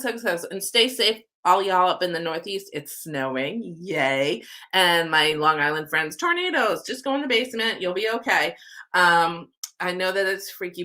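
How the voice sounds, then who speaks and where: A woman's voice: fairly low pitch, pushed and bright. A woman doing a live-streamed oracle card reading, chatty, affectionate and upbeat, her nose stuffy from a cold.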